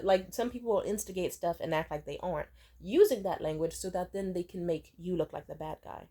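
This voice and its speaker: A woman in her twenties telling personal stories in a casual vlog, blunt and profane, with lively swings in pitch and loudness. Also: fairly quick. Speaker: vlogger. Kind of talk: casual storytime monologue.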